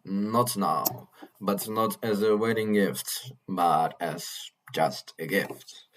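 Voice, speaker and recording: A man vlogging in a casual monologue, earnest and halting, often repeating and restarting his phrases. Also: low-pitched, noisy background. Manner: earnest, mildly swearing.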